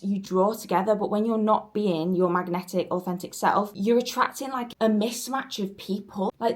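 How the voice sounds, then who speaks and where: A young woman talks straight to the camera in an earnest, encouraging way, like a friend giving a pep talk. Her voice sits at an ordinary middle pitch, and her delivery stays chatty and warm in wording rather than polished. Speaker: self-help vlogger.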